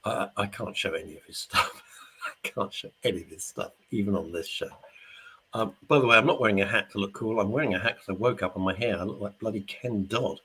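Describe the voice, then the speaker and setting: A man's voice: fairly low pitch, fairly quick, bright, forceful tone, slightly rough. A middle-aged man hosting a radio show, chatting casually and jokingly while reading out listener messages. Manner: chatty, jokey, rambling. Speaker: radio host. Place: studio.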